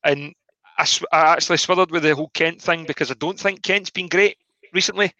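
A man, co-hosting a casual football podcast, animated and opinionated. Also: a little high, fairly quick, dry recording, low-quality recording. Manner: animated, opinionated, restarts often. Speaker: podcast co-host.

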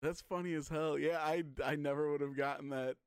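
A man co-hosts a casual podcast in a loose, joking way, cursing and laughing. His voice is high for a man. It is recorded close and dry. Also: steady tone, fairly quick, clean tone, no echo. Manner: laid-back, swears, laughs often. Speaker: podcast co-host. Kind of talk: casual chat.

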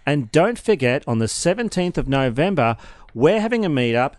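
A man's voice: a little high, very animated, normal speed, dry recording. Silly, bantering Australian man co-host. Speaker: podcast co-host. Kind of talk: casual comedic chat.

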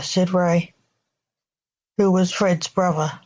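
A woman narrating a short story in a steady, unhurried reading voice. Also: mid-range voice, highs cut off. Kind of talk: scripted narration.

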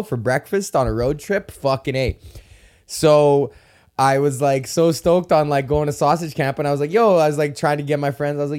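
A young man from Canada hosting a casual solo podcast, rambling excitably and swearing often. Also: mid-range voice. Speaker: podcast host. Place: at home in front of a camera.

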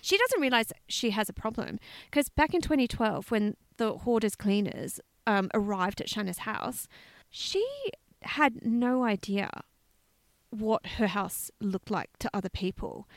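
A woman co-hosting a casual chat, telling stories in an animated way, swearing freely and laughing as she goes. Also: medium pitch, a little slow, no room sound. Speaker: podcast co-host.

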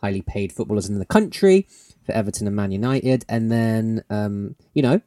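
A man co-hosting a podcast in casual chat, excitable and quick to laugh, swearing freely. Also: fairly low pitch, dry recording, studio quality. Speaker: podcast co-host.

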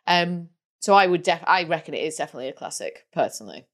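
A woman's voice: fairly low pitch, animated, fast. A woman co-hosting a film podcast, thoughtful and hesitant, with lots of 'like' and 'um'. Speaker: podcast co-host. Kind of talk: casual chat.

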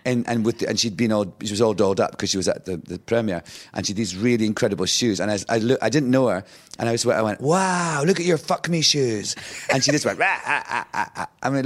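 A Scottish man in his fifties, a talk show guest with a voice of middle pitch. He chats in a loose, anecdotal way. He acts out the people in his stories and laughs often. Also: fast talker. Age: 50s. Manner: lively storyteller who acts out quotes, laughing often. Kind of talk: casual anecdotal chat.

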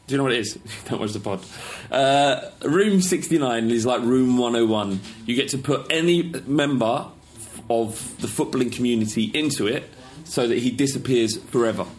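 A man's voice: mid-range voice, normal speed. A man co-hosting a football podcast, dry and playful as he runs the segments. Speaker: podcast co-host. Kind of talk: casual banter.

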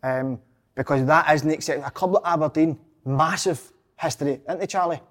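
A man complaining indignantly about his football club and hammering the same point again and again. His voice sits a little higher than most men's. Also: a little fast, a bit bright. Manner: indignant, repetitive. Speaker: football fan on panel. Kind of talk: casual chat.

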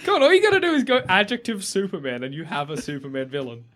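A man with a high voice jokes through a casual podcast chat. His pitch jumps around a lot, and his delivery is playful and quick to laugh. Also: animated, a bit bright. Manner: riffing, laughing often.

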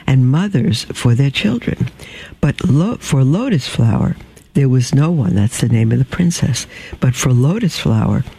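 A man reading a storybook aloud at an unhurried, measured pace. His voice is dark and mellow with a gravelly, creaky texture, and he now and then clears his throat or trips over a word. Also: medium pitch, rough recording.

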